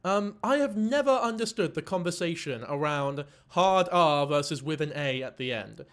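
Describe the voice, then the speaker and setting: A man's voice: on the high side, animated, moderate pace, fairly bright tone. A man giving casual, rambling commentary on a clip he is reacting to, swearing offhand. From Ireland. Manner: rambling, swears casually, laughs while talking.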